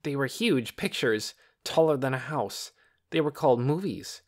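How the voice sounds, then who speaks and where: A man's voice: medium pitch, animated, normal speed, voice pushed up, close to an everyday voice. A man voicing a smug, self-important boy who talks in a precise, teacherly way in an audiobook. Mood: lecturing. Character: smug know-it-all boy, superior. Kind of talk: audiobook character reading.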